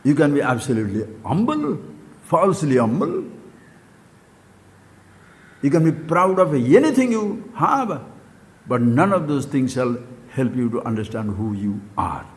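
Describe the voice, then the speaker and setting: An older man with an Indian accent giving a spiritual talk, swinging between loud animated questions and low quiet asides. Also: unhurried, pauses often, in a large hall. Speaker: spiritual teacher.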